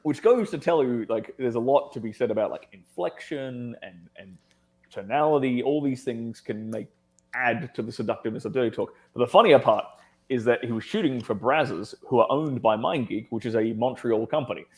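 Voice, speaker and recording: This guest in a laid-back chat is an Australian man who spins stories energetically and laughs a lot. He speaks at a brisk clip in a medium pitch.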